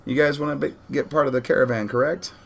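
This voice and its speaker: A man voicing a flustered feline humanoid shopkeeper woman with a hoarse yet feminine voice. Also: mid-range voice, steady tone, fast talker, pitched above the performer's own voice. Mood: weary.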